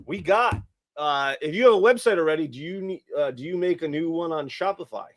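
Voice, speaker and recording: A man's voice: fairly high pitch, animated, brisk. Hesitant man reading viewer questions. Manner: hesitant, full of "uh" and "um". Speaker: question reader.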